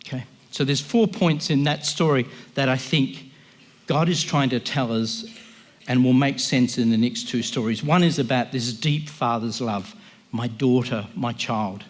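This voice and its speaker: A man's voice: mid-range voice, a little slow. A man giving an impassioned, emphatic sermon as a guest speaker, often voicing the people he quotes.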